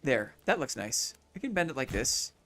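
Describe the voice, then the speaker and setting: A man's voice: medium pitch, very animated, normal speed, bright, forceful tone, a little hiss or hum. A man streaming a city-building game, thinking aloud in casual commentary, repeating his own phrases and chatting to viewers between moves.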